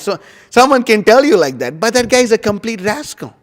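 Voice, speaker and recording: A man giving a casual scripture class, rambling and animated, with lots of "you know" and "like". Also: sits high, quick pace. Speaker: devotional class speaker. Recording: long hall reverb.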